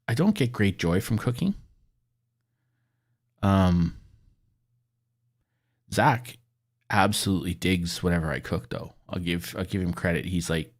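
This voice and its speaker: Deep voiced middle aged guy just rambling on while he games, swears a bunch. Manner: rambling, chatty, swears freely. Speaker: gaming video creator. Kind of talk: casual chat while gaming.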